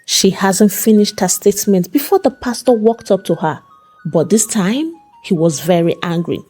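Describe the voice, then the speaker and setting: A woman storyteller reads a folk tale aloud. Her voice is warm, a little husky, and rises and falls in lively swings. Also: medium pitch, normal speed, faint music behind. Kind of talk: scripted narration.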